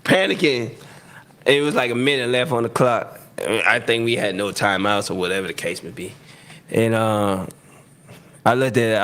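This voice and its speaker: A man, a guest telling a lively sports story in casual chat, laughing often and acting out what people said. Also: medium pitch. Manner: animated, acts out quotes, laughs often. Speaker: guest, former NFL receiver.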